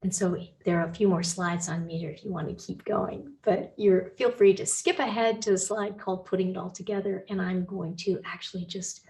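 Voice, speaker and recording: A woman instructor talking through slides in a recorded lecture, thinking aloud with small restarts and gently reassuring her students. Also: on the low side, steady tone, brisk, creaky, few pauses.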